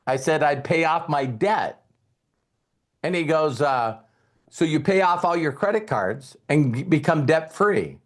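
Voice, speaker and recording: This motivational speaker, a man with a somewhat high, expressive voice, tells an audience a story at a measured pace. He recounts a past conversation conversationally, leaning on emphasis.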